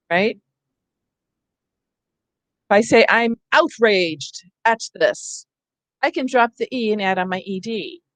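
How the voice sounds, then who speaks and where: A woman's voice: medium pitch, no room sound. Casual woman leading a teacher workshop. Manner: casual, conversational teaching with asides. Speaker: literacy teacher trainer. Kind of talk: professional development lecture.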